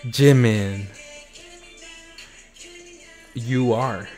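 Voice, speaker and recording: Slow-talking man reacting with loud gasps. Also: mid-range voice. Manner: exclamatory, bursts of loud gasps and cheers; talks straight to viewers. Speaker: reaction video creator. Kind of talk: excited reaction commentary. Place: home. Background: faint music playing.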